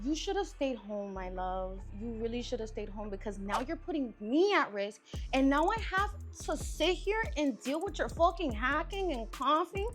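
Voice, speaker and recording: High-voiced woman rambling with fillers. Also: animated, moderate pace, fairly bright tone, soft background music. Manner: rambling, filler-heavy, profane. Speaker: podcast co-host. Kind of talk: casual group chat.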